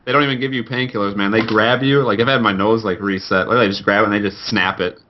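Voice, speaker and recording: A man co-hosting a podcast, blunt and animated in casual talk. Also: fairly low pitch, fast talker. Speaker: co-host. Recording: dull lo-fi voice call audio.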